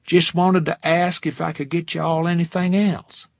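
A man's voice: fairly high pitch, flat delivery, normal speed, gravelly, dry recording, pitched above the performer's own voice. A man voicing a chatty, pushy diner waitress with a thick Texas accent, drawn out and coaxing, in a storybook reading. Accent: thick Texas drawl.

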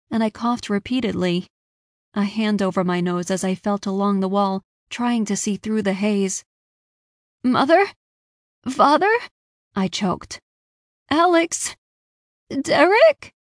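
A woman narrating a first-person story in a dramatic, expressive reading, close to the mic. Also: mid-range voice, no room sound. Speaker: audiobook narrator.

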